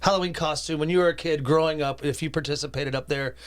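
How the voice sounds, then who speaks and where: A man's voice: fairly high pitch, steady tone, quick pace, smooth. A man co-hosting a podcast in casual chat, joking and teasing his partner. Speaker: podcast co-host.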